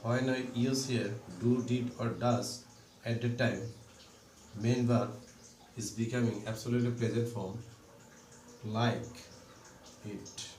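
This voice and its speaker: A man's voice: mid-range voice, steady tone, takes it slowly, long pauses, darkish tone. A man teaching a grammar lesson, explaining step by step and repeating each example sentence. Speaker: English teacher. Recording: roomy, distant mic with faint background noise.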